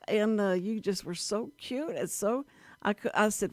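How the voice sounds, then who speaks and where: A woman hosting a live community radio talk show, bubbly and gushing with quick asides. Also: medium pitch, a little mellow, dry recording.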